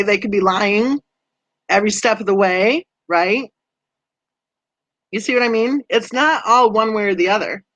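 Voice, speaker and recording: A woman hosting a true crime channel, chatting with viewers and reading their comments, conversational and quick to laugh. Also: mid-range voice, fairly bright tone, no room sound. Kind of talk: livestream chat reading comments.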